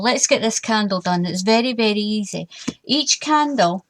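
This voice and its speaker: A woman's voice: mid-range voice, lively intonation, moderate pace. An older woman, hosting a casual craft tutorial in a chatty way and repeating warnings with emphasis.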